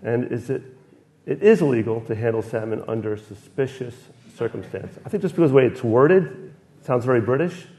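A man of middle pitch thinking aloud on a panel. He rambles and makes jokes at his own expense in casual banter. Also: animated, brisk, darkish tone. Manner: rambling, self-deprecating, jokey. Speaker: guest panelist.

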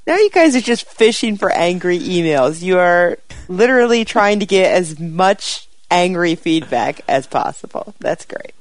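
Woman, lowish voice, witty, dry delivery, podcast chat. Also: very animated, a little slow, few pauses, dry recording. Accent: American. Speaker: podcast co-host. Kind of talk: casual panel chat.

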